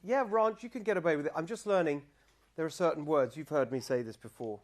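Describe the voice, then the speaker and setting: A man's voice: fairly high pitch, fast talker. A middle-aged man with a British accent giving a chatty, self-deprecating campaign talk to a crowd in a barbecue restaurant, bantering with the audience. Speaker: political candidate.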